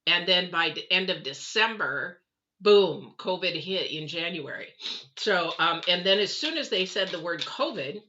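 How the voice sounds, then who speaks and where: A woman's voice: fairly low pitch, animated, a little slow, sharp tone, muffled recording. A middle-aged woman giving a casual live tarot reading, chatty and rambling with self-deprecating asides. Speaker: tarot reader.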